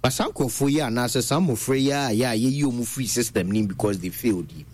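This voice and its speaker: A man's voice: mid-range voice, a little fast, a little mellow. A man leading a casual discussion, mostly giving short replies and asking probing questions.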